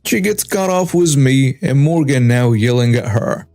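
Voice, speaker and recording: A man narrating a first-person story in a brisk, scripted way. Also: mid-range voice, lively intonation, a little mellow, no echo. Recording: dry with faint music.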